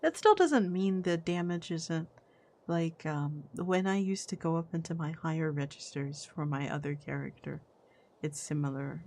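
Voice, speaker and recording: A woman's voice: low voice, moderate pace, darkish tone. A woman voice actress streaming a game, chatting playfully and reading its dialogue aloud. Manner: playful, chatty, with fillers and restarts.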